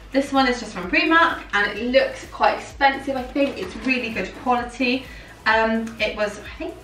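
A young woman talks through a clothing haul in a chatty, gushing way. Her voice is bright and a little high. She sounds slightly off-mic in an echoey room, with soft music playing behind her. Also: recorded from a distance. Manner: chatty, gushing, filler-heavy. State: out of breath. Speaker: fashion vlogger. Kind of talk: casual haul vlog.

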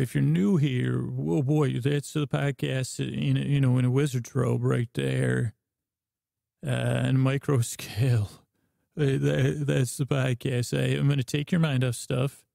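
A man meanders through a bedtime podcast monologue, trailing off and restarting with deadpan nonsense. His voice is heavily gravelly and mellow, the pitch flat. It sounds dry and close, with no room around it. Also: no echo. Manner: slow drawl. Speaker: podcast host.

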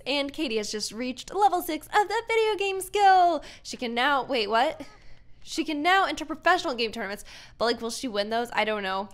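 A young woman talks through her gameplay in a casual, giggly way, thinking out loud as she plays. Her voice sits a little high for a woman. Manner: chatty, giggly, thinking aloud while playing. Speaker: gaming YouTuber. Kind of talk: casual let's-play commentary.

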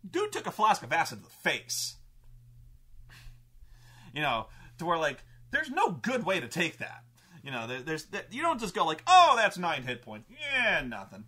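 A man, a game master, telling a tabletop campaign story in an animated, profane, casual way. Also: on the high side. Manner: animated, profane, acts out characters.

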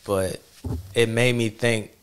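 A man hosting a podcast, talking in a relaxed, reflective way with many fillers. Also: lowish voice, slow, clean tone. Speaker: podcast host. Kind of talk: casual chat.

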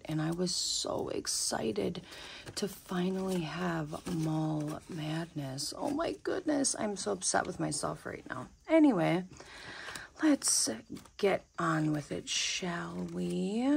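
A woman's voice: lowish voice, lively intonation, slow pace, creaky, slight background noise. A young adult woman vlogging about budgeting in a chatty, casual way, often exclaiming and saying y'all. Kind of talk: casual chat to camera.

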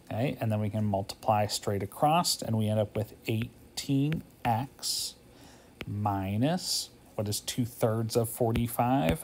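A man's voice: mid-range voice, creaky, a little mellow, a little hiss or hum. A man teaching a math homework walkthrough, thinking aloud in a casual way, tired and yawning, often checking in with "okay?".

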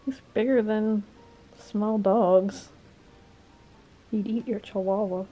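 A woman's voice: mid-range voice, steady tone, takes it slowly, mellow. A woman vlogging casually about her cat, playful and teasing, with giggles. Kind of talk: casual chat. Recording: music playing behind.

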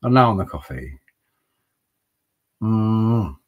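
A man's voice: lowish voice, lively intonation, slow, phone-quality sound. A man hosting a casual livestream, rambling and chatting with viewers by name while a little tipsy from wine. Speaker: livestream host.

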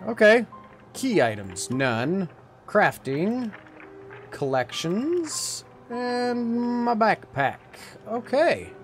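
A man's voice: high voice, big pitch swings, extremely slow, soft background music. A man hosting a let's play, chatting playfully and reading the game text aloud. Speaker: gaming video host.

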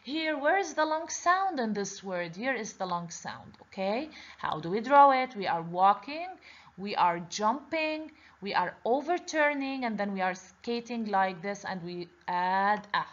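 A woman's voice: mid-range voice, expressive, measured pace, fairly bright tone. A woman teaching a children's lesson on letters, patiently repeating each word and asking the class questions. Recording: dull lo-fi recording.

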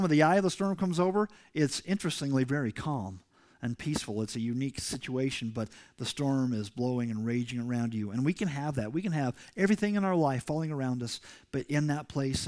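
A male pastor preaching a sermon to his congregation, emphatic and rising loud when he reads scripture. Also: fairly high pitch. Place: church sanctuary.

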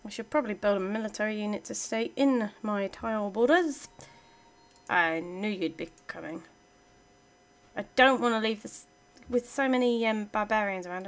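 A woman giving casual let's-play commentary, chatting playfully to her game units as she plays. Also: medium pitch. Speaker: gaming channel host.

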